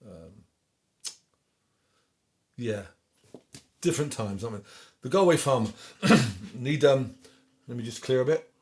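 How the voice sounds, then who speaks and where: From home in lockdown, a singer-songwriter with an English West Country accent runs a request show, reading dedications and chatting casually between songs. His darkish, mid-range voice is animated but a little slow, with long pauses. Faint guitar can be heard.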